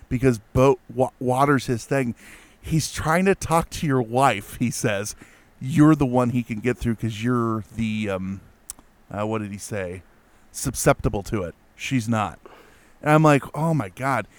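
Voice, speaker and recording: Smooth-voiced man telling a story. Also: mid-range voice, unhurried, no room sound. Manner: animated, lots of fillers and restarts. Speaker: guest telling a ghost story. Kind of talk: casual storytelling.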